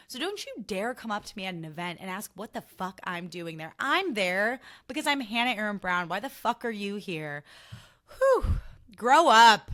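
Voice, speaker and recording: A woman's voice: mid-range voice, pushed and bright. A young woman hosting her own podcast, chatting casually and candidly, swearing freely and getting worked up when she rants. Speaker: podcast host. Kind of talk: casual solo podcast chat.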